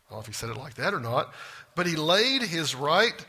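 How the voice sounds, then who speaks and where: A man's voice: a little high, very animated, fairly quick, vocal fry, bright, forceful tone, husky. A man teaching a Bible class in a church classroom, folksy and drawling, often stopping to quiz the group. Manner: folksy, asks the class questions.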